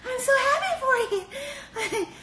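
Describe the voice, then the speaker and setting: A woman imitating a gushing, fake-sweet young woman who stammers and giggles in a breathy, sugary tone. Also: very high-pitched, expressive, measured pace, bright, forceful tone, a little hiss or hum, voice pushed up, heavily acted. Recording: echoey room.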